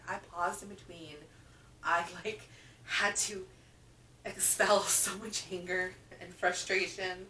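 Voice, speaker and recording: A woman's voice: on the low side, steady tone, slow, bright, forceful tone. A woman casually chatting through a reading wrap-up, emphatic and repeating words for stress. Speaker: book reviewer. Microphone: camera microphone. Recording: roomy, from a distance with faint hum.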